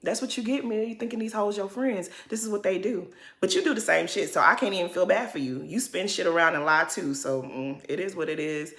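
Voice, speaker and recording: A woman's voice: brisk, few pauses, fairly bright tone, echoey room. A woman giving a casual reality TV recap, sassy, blunt and profane. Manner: sassy, blunt and profane, mimics others in high exaggerated voices.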